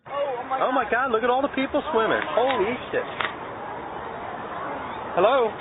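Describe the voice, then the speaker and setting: A man's voice: very high-pitched, measured pace. A man with a Philadelphia accent calling emergency services, urgent and repeating himself. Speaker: emergency caller. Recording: phone call with loud crowd and street noise.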